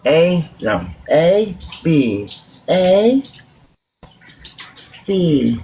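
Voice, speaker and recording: A woman's voice: sits low, very animated, very slow, warm tone, a little hiss or hum. A woman chatting casually on a livestream with offhand remarks and short mumbled replies.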